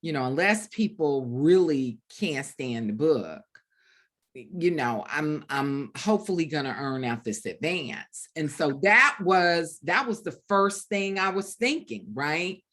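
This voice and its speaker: A middle-aged woman, an author, telling a story in an animated way at a bookstore event, with lots of fillers and restarts. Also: low-pitched, unhurried. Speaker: author guest. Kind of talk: storytelling conversation at a book event.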